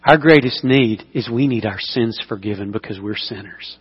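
A man preaching a sermon as pastor, telling stories with lively emphasis and dropping to a hushed voice. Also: mid-range voice, normal speed, hardly any pauses, breathy edge, lo-fi sound. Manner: animated storytelling, swings between loud emphasis and hushed intimacy. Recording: long hall reverb.

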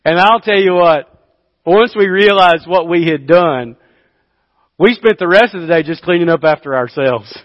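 Middle-aged pastor preaching in a big hall. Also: male voice, sits high, moderate pace, muffled recording. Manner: storytelling, swinging from quiet to loud, laughing at himself. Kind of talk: sermon.

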